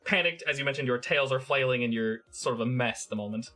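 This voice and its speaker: A man running a tabletop game as game master, narrating in halting bursts with repeated words. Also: mid-range voice, sharp tone, faint music behind.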